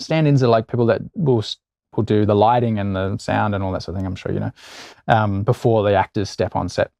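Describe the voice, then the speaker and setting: An Australian actor guest telling anecdotes in a casual interview, animated and acting out quoted voices. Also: male voice, lowish voice, brisk, vocal fry, no room sound.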